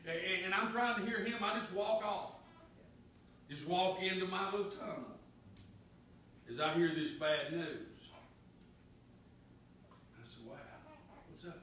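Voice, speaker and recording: A middle-aged man preaching a folksy sermon, swinging from loud proclamations to hushed personal storytelling. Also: high voice, unhurried, pauses often, a little hiss or hum. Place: church sanctuary. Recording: echoey church from far off.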